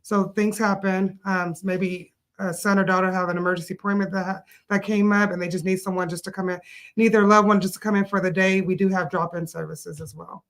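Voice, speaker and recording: A woman who owns an adult day care business, explaining her services in a measured way with frequent fillers. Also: mid-range voice, little pitch movement. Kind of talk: casual interview answers.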